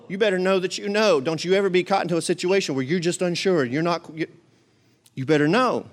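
Guy preaching a sermon, pretty high voice, gets loud and punchy, has the crowd repeat after him. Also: normal speed. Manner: emphatic preaching with repetition and crowd call-and-response. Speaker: pastor.

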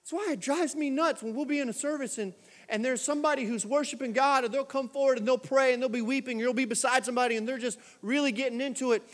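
A pastor preaching a sermon in a church, moving from soft, quiet asides to shouted exhortations. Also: male voice, very high voice, steady tone, fast, long reverb tail. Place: church sanctuary.

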